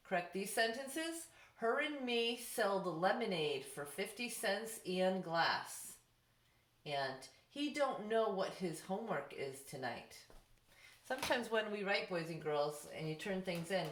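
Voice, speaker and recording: A middle-aged woman teaching a recorded class lesson from home, patient and sounding words out slowly for young pupils. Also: fairly low pitch. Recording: echoey room.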